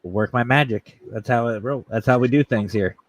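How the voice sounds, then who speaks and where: A man hosting a casual talk show, telling a funny story in an animated, jokey way and acting out voices. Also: mid-range voice, normal speed, no echo. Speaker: podcast host.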